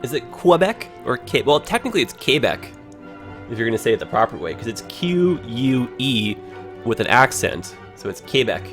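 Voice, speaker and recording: Guy streaming a game, rambling casual chat, animated pitch, faint music underneath. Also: brisk. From Ontario, Canada. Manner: rambling, chatty, heavy use of "like". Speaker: livestream host. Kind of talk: casual game livestream commentary.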